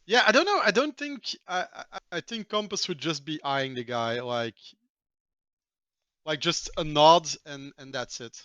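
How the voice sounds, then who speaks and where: A man at the game table talks casually and a little skeptically, with likes and fillers. His voice is higher and smooth, recorded close and dry. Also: expressive, a little slow, bright, forceful tone, no echo, lo-fi sound. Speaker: player.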